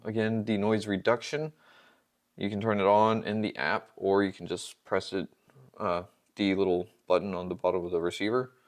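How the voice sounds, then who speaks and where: Chatty man reviewing a lavalier mic. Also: deep voice. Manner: chatty, upbeat, laughs easily. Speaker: podcast host reviewing microphones. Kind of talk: casual product review.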